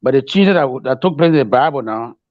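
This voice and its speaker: A man with a mid-pitched voice is a guest on a talk show. He agrees with the host and adds bits of scripture. The sound is dull and lo-fi. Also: expressive, fast talker. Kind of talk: casual religious discussion.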